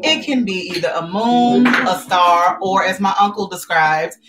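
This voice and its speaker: A woman's voice: mid-range voice, measured pace. A woman hosting a casual live painting class at home, chatty and upbeat, laughing often. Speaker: painting instructor and live stream host. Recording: roomy sound from a distant mic with faint music.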